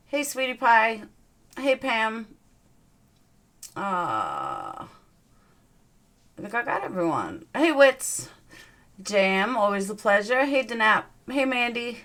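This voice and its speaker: A woman's voice: a little high, bright, forceful tone. A young woman with a Southern US accent, hosting a casual livestream and greeting her viewers one by one in an upbeat way. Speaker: livestream host.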